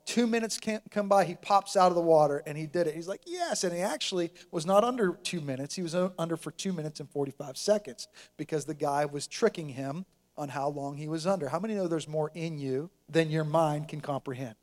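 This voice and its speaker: Male pastor, high voice, animated sermon storyteller. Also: fairly quick. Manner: energetic storytelling preacher, acting out quotes.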